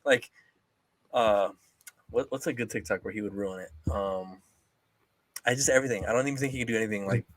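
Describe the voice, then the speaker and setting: Young dude on a podcast, talks fast and loose, swears a lot, dry mic sound. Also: male voice, fairly low pitch, no room sound. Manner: animated, swears a lot, mocking impressions. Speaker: podcast co-host. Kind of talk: casual chat.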